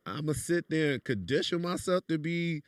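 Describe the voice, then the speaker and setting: A man's voice: fairly high pitch, animated, moderate pace, no room sound, studio quality. A man from New York with a New York accent, speaking bluntly in casual podcast chat. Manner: blunt, streetwise, repeats "you know what I'm saying". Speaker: podcast guest.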